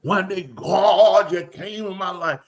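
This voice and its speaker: A high-pitched older preacher talks at a slow pace, telling stories in a casual way. Animated throughout, he acts out the dialogue by raising his voice.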